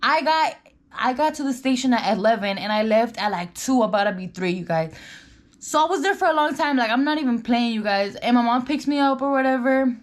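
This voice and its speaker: Chatty young woman with roots, high voice. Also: animated, fairly quick. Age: young adult. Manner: chatty, filler-heavy, "like" and "you guys". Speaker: vlogger. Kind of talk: storytime while doing makeup. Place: indoors at home.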